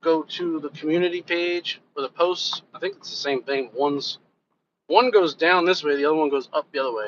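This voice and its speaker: This is a male live-stream host who runs a reaction channel and raps, with a bright, fairly high voice. He chats casually and talks straight to his viewers, rambling loosely and cursing without a second thought. The lo-fi audio sounds dull, with faint background noise.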